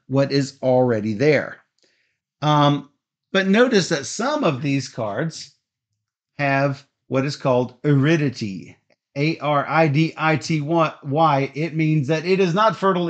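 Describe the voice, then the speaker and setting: A man explaining the rules of a board game step by step, in a methodical way with frequent ums and uhs. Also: medium pitch. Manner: steady, methodical, frequent fillers.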